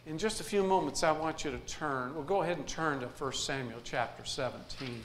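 A man's voice: fairly high pitch, a little fast, hardly any pauses, fairly bright tone, slight background noise. A man preaching a sermon in a folksy way, mixing jokes into his message to the congregation. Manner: folksy, jokes and laughs between points. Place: church sanctuary. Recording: echoey room, faint ambience.

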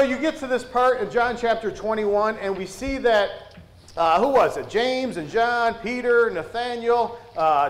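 A man's voice: very high-pitched, roomy sound, low-quality recording. A man preaching a sermon at a church service, folksy and conversational, full of rhetorical questions.

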